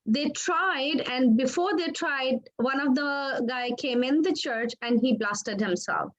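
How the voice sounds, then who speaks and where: A woman recounts a personal testimony in a high voice. She speaks earnestly, stopping and restarting her words. The audio sounds dull and muffled. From Pakistan. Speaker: interview guest, author.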